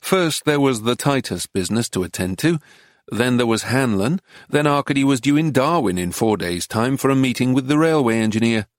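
A man reading a book aloud in measured, even storytelling narration into a close studio mic. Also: mid-range voice, no room sound. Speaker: audiobook narrator. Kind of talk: scripted narration.

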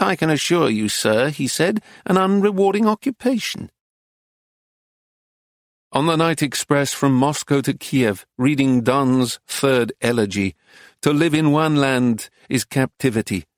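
Male English narrator, mid-pitched, measured literary read, dry booth sound. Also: no room sound. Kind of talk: audiobook reading of a travel memoir.

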